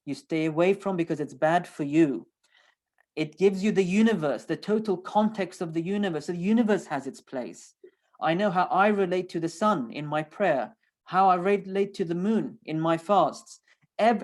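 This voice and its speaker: A man's voice: fairly high pitch, darkish tone. Man, lecturer, emphatic, repeats phrases for weight, online talk. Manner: emphatic, building repetition. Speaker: teacher. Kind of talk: lecture explaining scripture.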